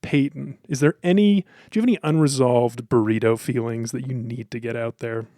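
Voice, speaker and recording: A man's voice: medium pitch, brisk, dark tone, no echo, clean studio sound. An American man, a radio producer, hosting a podcast chat in a playful, theatrical way. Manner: playful, theatrical opening reading. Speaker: producer and fill-in host.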